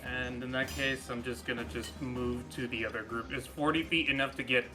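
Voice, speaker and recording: A man's voice: medium pitch, fairly even intonation, a little fast, bright, forceful tone, soft background music. A man playing a tabletop game, eagerly describing in detail how his character attacks. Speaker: player. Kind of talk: casual tabletop play.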